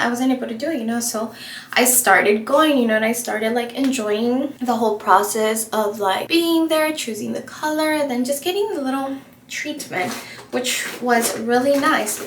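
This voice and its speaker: Young woman chatting through her makeup routine, lots of "like", kinda high voice, roomy echo. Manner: chatty, animated storytelling with many fillers. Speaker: beauty vlogger. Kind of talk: casual get-ready-with-me storytelling. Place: home room while doing makeup. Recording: echoey room with faint ambient noise.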